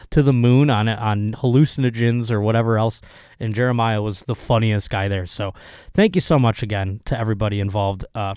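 Hoarse man rambling on his podcast. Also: lowish voice, dry recording, studio quality. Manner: rambling, profane, excitable. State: hoarse, voice still recovering. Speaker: comedian podcast host. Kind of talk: casual solo podcast monologue.

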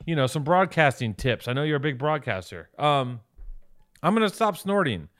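A man's voice: on the high side, very animated, normal speed, fairly bright tone. A man co-hosting a casual podcast, profane and self-mocking, breathing and snorting audibly through his nose on a cheap mic. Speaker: podcast co-host. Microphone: cheap lav and phone mic.

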